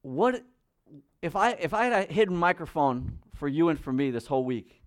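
Man, pastor, sermon, fairly high voice, emphatic, quiet low asides, direct questions to the congregation. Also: animated, a little fast. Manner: emphatic, swings between loud stresses and quiet low asides.

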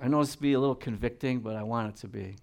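A man preaching a sermon, reading scripture and swinging between loud emphatic peaks and quiet, low asides. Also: rapid-fire, vocal fry.

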